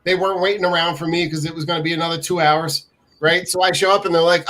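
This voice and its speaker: Man, podcast guest, upbeat chatty, high pitch. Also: fairly even intonation, quick pace, a bit bright. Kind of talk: casual podcast chat.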